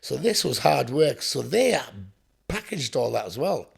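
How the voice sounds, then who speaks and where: Speaking in a sing-song, mid-range voice that's creaky with a breathy edge, this man from England keeps a moderate pace as a podcast guest. His storytelling in the interview is blunt and full of swearing, and he plays out what others said.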